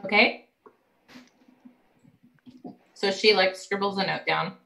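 A woman's voice: mid-range voice, steady tone, slow pace, gravelly, sharp tone, low-quality recording. A woman running a tabletop game as game master, narrating casually with frequent laughter. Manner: casual, laughing often, loose fillers like "like".

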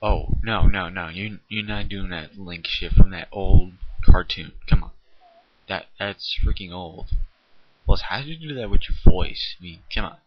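A man making a homemade comedy skit, grumbling and complaining with stumbling repeats, his voice kept quiet for recording at night. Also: deep voice, a little slow, muffled recording. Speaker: home video maker.

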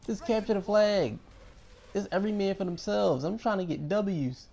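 Excitable young man with a gravelly voice. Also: sits high, moderate pace. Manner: excitable, hyped, repeats himself. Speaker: gaming YouTuber. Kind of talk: live gameplay commentary.

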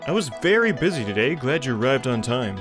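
A performer voicing a terse store boss in an indie horror game, giving flat, clipped instructions. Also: medium pitch, brisk, over music, natural voice. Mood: instructing.

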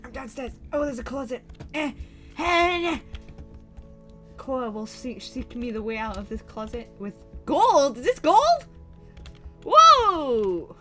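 A woman voicing a sneaky young female student at camp in a game-based roleplay story, excitable and chatty, with gasps and whispered asides. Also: high-pitched, measured pace, soft background music. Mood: playful. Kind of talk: Minecraft roleplay acting.

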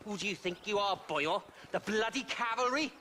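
An actor playing a hostile Welsh outlaw with a sing-song Welsh accent and a taunting, insulting manner. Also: male voice, high-pitched, moderate pace, bright, forceful tone, slight background noise. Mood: sneering. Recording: game audio with hoofbeats and ambience.

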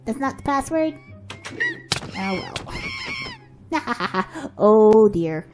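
A woman giving excitable let's-play commentary, gasping and cooing at her pet as she narrates her play. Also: fairly high pitch, extremely slow, soft background music. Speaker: game video creator.

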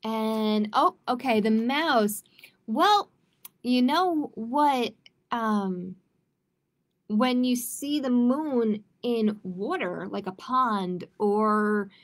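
A children's librarian reading a picture book aloud to children in a gentle, expressive way. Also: female voice, fairly high pitch. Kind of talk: children's storytime read-aloud.

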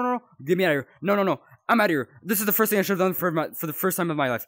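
A young man talks his way through a spooky game, his pitch leaping all over between nervous mutters and startled yelps. His voice sits a bit high for a man. The sound is dry and close. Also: animated, rapid-fire, hardly any pauses, fairly bright tone, dry recording. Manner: jumpy, yelps and rambles while scared. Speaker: gaming YouTuber. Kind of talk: horror game playthrough commentary.

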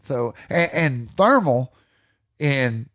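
A middle-aged man with a drawl tells old hunting stories with plenty of energy. His voice sits at an ordinary pitch, and he talks loosely, dropping cuss words as he goes. It is relaxed, unscripted podcast chat. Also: extremely slow. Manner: energetic storyteller who swears freely. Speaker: podcast guest. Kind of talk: casual storytelling chat.

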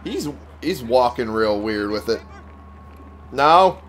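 Slow, sweary Texan man gaming. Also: mid-range voice, lively intonation, fairly bright tone, a little hiss or hum. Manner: profane, sarcastic, frequent fillers. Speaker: let's play streamer. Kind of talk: casual gameplay commentary.

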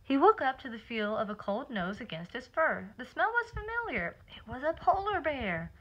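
A woman's voice: high voice, very animated, fairly bright tone, lo-fi sound. Woman reading a picture book to kids. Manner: pauses to explain words and count with listeners. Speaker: teacher.

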